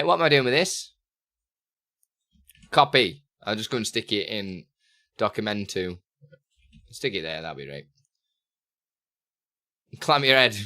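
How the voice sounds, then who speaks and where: A man live-streaming, casually chatting with his viewers, reading their messages aloud and muttering to himself as he works through software settings. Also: mid-range voice, no room sound, studio quality. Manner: chatty, reads chat aloud and mutters while fiddling with software. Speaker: live streamer answering chat questions.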